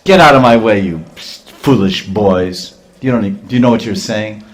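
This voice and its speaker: A man's voice: on the low side, steady tone, fast talker, lightly acted. A man voicing a king's washerman who is haughty and threatening, in a storytelling sermon. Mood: angry, threatening. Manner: indignant, threatening shouts. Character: haughty adult male washerman of a king.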